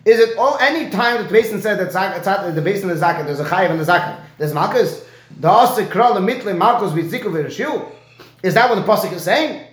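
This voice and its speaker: A man teaching a Talmud lesson, explaining Rashi and checking in with his student with a quick "right?". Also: sits high. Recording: echoey room.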